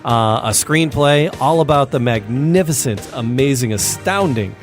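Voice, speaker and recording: A man's voice: medium pitch, animated, unhurried, faint music behind. Rambling man hosting a chat. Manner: rambling, self-deprecating, many fillers and restarts. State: slightly squeaky voice from recording all day. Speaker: podcast host. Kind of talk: casual chat.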